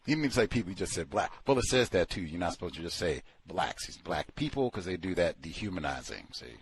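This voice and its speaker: A man casually talking through a book he is reading, animated and full of rhetorical questions. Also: sits low, fast talker, a little hiss or hum. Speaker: book commentator. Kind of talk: casual spoken book review.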